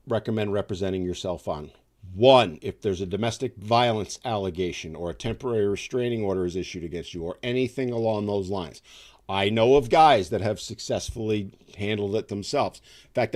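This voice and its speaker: A man from upstate New York hosting a casual livestream, talking in a rambling, conversational way with many fillers. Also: lowish voice. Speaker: livestream host.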